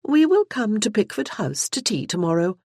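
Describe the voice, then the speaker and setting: A woman's voice: medium pitch, very animated, normal speed, darkish tone, no room sound, clean studio sound, voice pushed up. A woman voicing a proud, scornful noblewoman in an audiobook. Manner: crisp, scornful.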